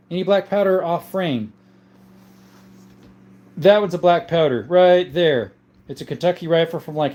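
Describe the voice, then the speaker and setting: A man's voice: a little high, a little mellow. Casual man reading his livestream chat. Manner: reads chat messages aloud and answers with frequent fillers. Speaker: livestream host of a gun channel.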